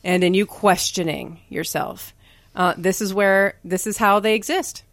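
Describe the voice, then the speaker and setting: A woman's voice: mid-range voice, fairly even intonation, no echo. Woman podcast host, dry close sound, affirming co-talker. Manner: affirming, quick to agree and chime in. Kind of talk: casual podcast chat.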